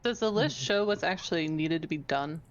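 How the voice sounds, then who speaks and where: A woman's voice: sits low, expressive, moderate pace. A woman playing a tabletop game, asking hesitant questions. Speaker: player. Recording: dull lo-fi sound.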